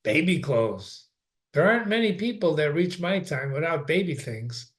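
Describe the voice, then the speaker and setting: A man's voice: a little high, lively intonation, moderate pace, lightly acted. A man reading the part of a pregnant young woman, lightly playful and affectionate with her husband.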